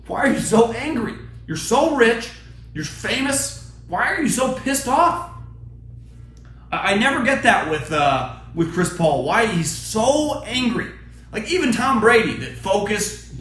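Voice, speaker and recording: A man's voice: sits high, a bit bright, reverberant. A male sports podcast host giving blunt, profane, opinionated takes.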